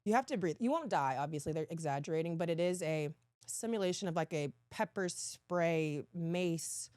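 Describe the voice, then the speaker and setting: A woman guest in a casual podcast chat who tells her stories with lively energy. Her voice sits a little low, and the sound is dry and close. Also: normal speed, clear, resonant tone, no room sound. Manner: animated storytelling, laughs often.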